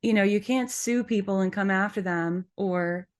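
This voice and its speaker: A woman's voice: medium pitch, moderate pace. A woman co-hosting a podcast in casual talk, firm and supportive in manner. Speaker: podcast co-host.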